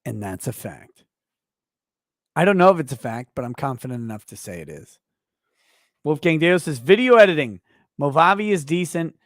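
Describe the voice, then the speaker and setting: Reading donations on his casual stream, this man swears and rants at full volume, then drops to a mutter, and he seems a little drunk. His slightly high voice has lively intonation, a moderate pace and long pauses. The audio is studio quality with no echo.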